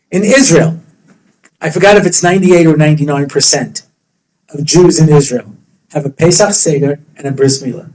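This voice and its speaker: A man's voice: on the high side, fairly quick, a little mellow, low-quality recording. A man, a rabbi, telling a story in a lecture with humor, acting out the characters' voices. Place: study hall.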